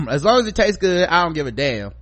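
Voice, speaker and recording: A middle-aged man co-hosting a podcast, chatting casually and reading listener feedback, acting out stories with loud profane quotes. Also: sits high, normal speed, vocal fry. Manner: animated storyteller, profane, acts out quotes loudly. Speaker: podcast co-host.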